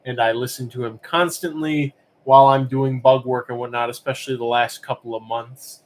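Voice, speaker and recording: A man's voice: medium pitch, moderate pace. A man hosting a live-stream auction, chatting casually and rambling with lots of fillers. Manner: relaxed, rambling, many fillers.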